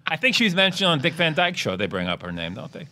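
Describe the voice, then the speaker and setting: Bright-voiced man telling stories. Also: on the high side, big pitch swings, quick pace. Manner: chatty, laughs often. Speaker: podcast guest, illustrator. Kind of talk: casual chat, anecdotes.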